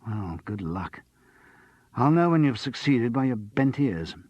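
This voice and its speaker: A man's voice: mid-range voice, big pitch swings, measured pace, no room sound, dull audio, pitched above the performer's own voice. A man voicing a dry, self-mocking middle-aged actor who has sworn off drink. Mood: wry. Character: wry middle-aged male actor on the wagon.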